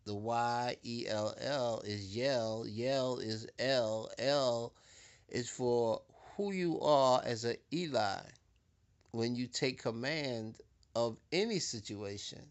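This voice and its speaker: A man giving a preaching-style lecture, deliberate and repetitive, swelling louder to stress his points. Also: mid-range voice, clear, resonant tone. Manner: deliberate, repeats words, swells louder for emphasis. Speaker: speaker giving a talk.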